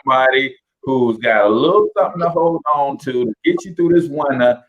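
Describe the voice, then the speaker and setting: A man with a St. Louis accent hosts a casual chat, teasing his co-host and pausing on filler words. His voice sits at a medium pitch. The sound is muffled and lo-fi. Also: slight background noise. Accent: St. Louis, Midwestern US. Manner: teasing, joking, halting with fillers.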